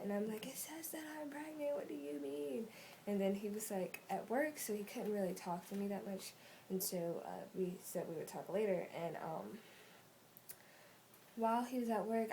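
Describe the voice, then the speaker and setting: A woman's voice: medium pitch, warm tone, slight background noise, poor audio. A teenage girl telling a story in a casual vlog, rambling with lots of "like" and "um" fillers. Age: teens. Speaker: vlogger. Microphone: phone camera.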